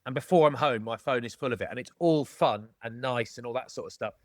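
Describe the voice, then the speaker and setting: Man, middle-aged, matey podcast guest, mid pitch, dry close mic. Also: brisk, no room sound. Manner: jokey, matey, calls people mate. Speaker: podcast guest, former rugby player. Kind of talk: casual storytelling chat.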